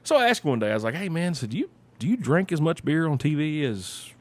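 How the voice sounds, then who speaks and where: A man telling rambling, animated stories in casual chat and acting out the quotes. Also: fairly high pitch, fast talker. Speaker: podcast guest storyteller.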